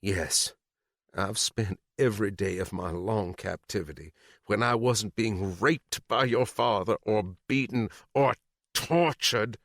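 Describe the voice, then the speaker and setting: A man's voice: fairly low pitch, measured pace, fairly bright tone, no room sound, clean studio sound, voice pushed up. A man voicing a furious, vengeful mother held captive for decades, who shrieks her accusations in an audiobook. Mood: bitter, regretful. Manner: shrieking, bitter, trembling. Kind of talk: audiobook character reading.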